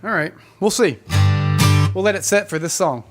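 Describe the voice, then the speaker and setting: A man's voice: high-pitched, animated, moderate pace, loud music behind the voice. A man hosting a weekly live concert stream, chatting casually and rambling with his viewers and laughing often.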